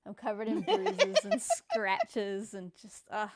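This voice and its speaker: Brief: woman, casual call chat, wry and understated, lively intonation. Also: a little high, takes it slowly. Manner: wry, understated, laughs at her own complaints.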